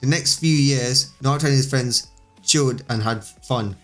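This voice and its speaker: A man's voice: medium pitch, normal speed, a bit bright, faint music behind. A man reading a fan story aloud in an unpolished way, with small slips, as host of his channel.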